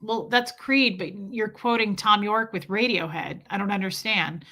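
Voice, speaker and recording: A woman's voice: medium pitch, normal speed, pushed and bright. A middle-aged woman hosting a casual live stream, chatty and laughing as she reads viewer comments aloud. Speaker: livestream host reading chat.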